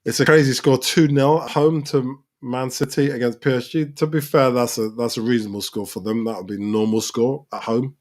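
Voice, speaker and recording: Excitable football fan reacting live. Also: male voice, mid-range voice, fairly quick, hardly any pauses. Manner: excitable, shouts at players on screen. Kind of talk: live match reaction commentary.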